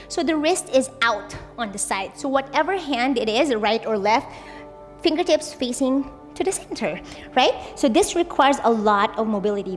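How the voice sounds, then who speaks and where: Upbeat young woman guiding a yoga class. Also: sits high. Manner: casual, upbeat, frequent "like" and "right?". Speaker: yoga instructor. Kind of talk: guided yoga class instruction. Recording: long reverb, faint music.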